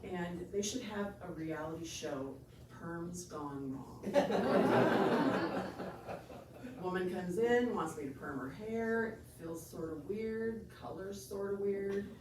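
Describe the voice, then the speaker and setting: A woman doing a stand-up comedy set, telling an animated story and acting out the other people's lines. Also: fairly low pitch, slow pace. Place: comedy venue stage. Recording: echoey room from far off, noisy.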